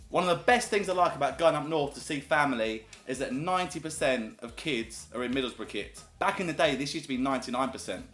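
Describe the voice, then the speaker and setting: A man's voice: mid-range voice, fairly bright tone. Chatty southern English man, echoey room. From southern England. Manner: chatty and upbeat, storytelling. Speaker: YouTuber. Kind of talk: casual chat to camera. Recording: echoey room with faint music.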